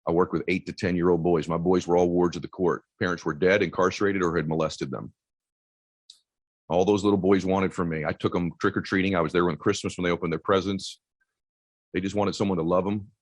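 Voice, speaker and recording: A middle-aged man with a deep voice giving an intense motivational speech, telling a personal story that sometimes drops to a hush. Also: steady tone, fast talker, dry recording, rough recording. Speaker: motivational speaker.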